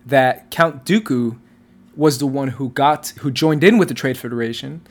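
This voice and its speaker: A man in casual chat, animated and swearing, mocking movie dialogue in put-on voices. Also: medium pitch, normal speed.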